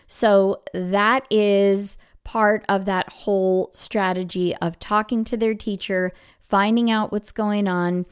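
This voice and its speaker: A woman's voice: medium pitch, a little mellow, clean tone. A middle-aged woman hosting a podcast for music teachers, giving casual advice and acting out what she says to students. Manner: chatty, acts out classroom quotes.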